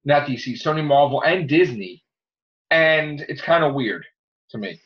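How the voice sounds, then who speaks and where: A man's voice: on the high side, animated, a little slow. Rambling critical man, lo-fi sound. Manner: critical, rambling opinions with many fillers. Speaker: podcast host. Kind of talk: casual movie chat. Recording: dull lo-fi recording.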